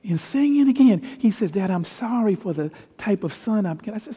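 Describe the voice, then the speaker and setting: A middle-aged man preaching a storytelling sermon as a pastor, swinging from hushed tones to loud peaks. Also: high voice, lively intonation, brisk, few pauses, slightly rough. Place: large church hall. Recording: long hall reverb with faint piano. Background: soft piano.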